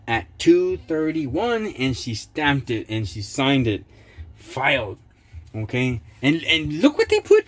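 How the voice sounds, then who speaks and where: Man, channel host, sarcastic, reads court papers aloud haltingly, indignant outbursts, mid-pitched voice. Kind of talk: casual vlog commentary.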